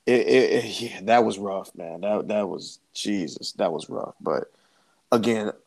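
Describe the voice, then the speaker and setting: A man chats on his podcast in a low, gravelly voice full of vocal fry. He tells a family story earnestly, with frequent restarts and repeated phrases. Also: measured pace, a little mellow. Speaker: podcast co-host. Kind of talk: casual podcast chat.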